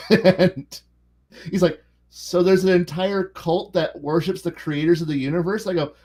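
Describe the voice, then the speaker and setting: A man's voice: on the high side, expressive, moderate pace, a little mellow. A man co-hosting a casual podcast about tabletop role-playing games, rambling with many restarts and fillers. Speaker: podcast co-host.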